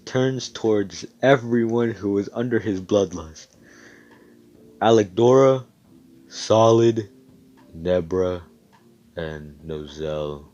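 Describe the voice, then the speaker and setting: This low-pitched man tells an invented fan story casually on voice chat through a computer mic, with the high frequencies cut off. He rambles, curses a lot, and grows excited.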